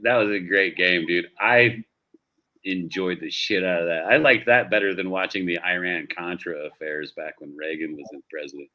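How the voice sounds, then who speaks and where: A man's voice: sits low, normal speed, dull audio. A man from the United States co-hosting a casual sports talk show, loose and profane, calling everyone dude and bro. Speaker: co-host.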